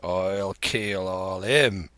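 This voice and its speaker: A man voicing a wily, blustering one-legged old pirate cook in a slow audiobook reading. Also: sits low, bright, forceful tone, dry recording, pitched below the performer's own voice, full character voice. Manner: bluff, blustering, sly sea talk.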